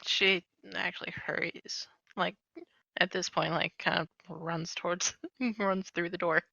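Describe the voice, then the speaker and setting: A woman's voice: fairly low pitch, little pitch movement, measured pace, creaky, sharp tone, dry recording, highs cut off. A woman playing in a tabletop game, talking casually and saying like a lot. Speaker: player.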